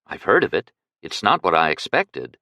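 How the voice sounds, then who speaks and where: A man's voice: low voice, very animated, moderate pace, bright, forceful tone, no echo, clean studio sound, full character voice. A male reader voicing a cautious, plainspoken young man who once lived as a beggar. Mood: plain. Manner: plainspoken, cautious, matter-of-fact.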